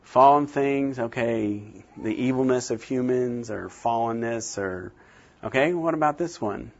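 Animated male lecturer, slightly muffled. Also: unhurried. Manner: animated, acts out scenes with big jumps in pitch. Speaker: teacher. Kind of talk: classroom lecture on Bible translation. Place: classroom.

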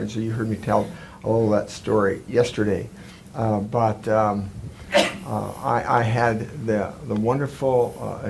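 A man's voice: medium pitch, gravelly, darkish tone, slight background noise. A man from eastern Colorado giving a folksy talk, joking with the audience, then reciting a solemn patriotic tribute. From eastern Colorado, USA. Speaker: speaker at a conference.

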